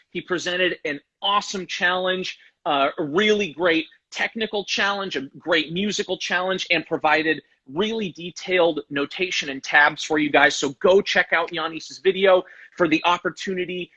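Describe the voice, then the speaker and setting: A man's voice: sits high, moderate pace, sharp tone, slightly rough, dull audio. A male host in a casual online interview, enthusiastic and full of praise, calling his guest "man" again and again. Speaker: interview host for a guitar pickup company. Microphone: video call or live stream.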